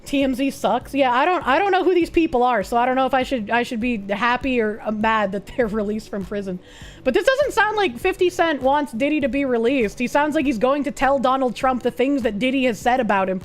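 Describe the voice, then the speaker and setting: High-voiced Boston woman streamer. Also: a little fast, soft background music. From Boston, USA. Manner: profane, excitable, yells in bursts. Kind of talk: casual live-stream chat reading comments.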